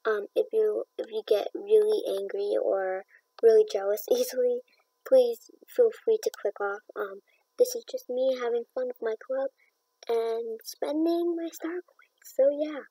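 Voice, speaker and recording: A young woman hosting a casual gaming vlog, talking softly and often half-whispering, with sudden bursts of excited squeals. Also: fairly high pitch, moderate pace, slightly rough, dry recording, far from the mic, rough recording. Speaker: gaming channel host.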